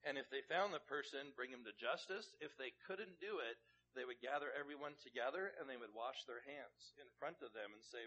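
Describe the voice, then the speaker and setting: A man's voice: mid-range voice, animated, normal speed, bright, forceful tone, dull audio. A man preaching a sermon in a plain, conversational way, asking his listeners questions. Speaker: pastor.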